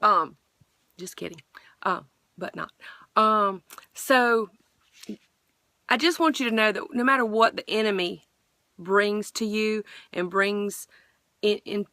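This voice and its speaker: A woman's voice: medium pitch, slow, long pauses, pushed and bright, no echo. A middle-aged woman earnestly sharing a personal faith testimony, rambling with frequent restarts.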